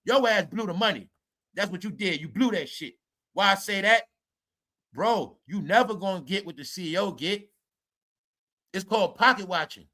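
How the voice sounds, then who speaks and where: Brash high-voiced man ranting. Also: expressive, normal speed, pauses often, pushed and bright. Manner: brash, mocking, repeats "y'all" and "bro". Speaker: commentary streamer. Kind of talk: ranting commentary.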